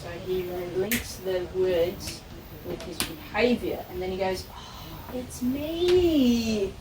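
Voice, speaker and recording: A woman's voice: on the low side, slow. Australian woman dog trainer, distant and echoey. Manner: animated storyteller, acts out voices in anecdotes. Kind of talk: casual training session with a client. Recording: roomy echo, distant mic, background noise.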